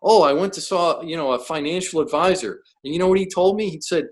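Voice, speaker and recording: Emphatic higher-pitched male coach. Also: animated, fairly quick, pushed and bright, low-quality recording. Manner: emphatic, blunt, asks rhetorical questions. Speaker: professional coach, guest. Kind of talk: podcast interview.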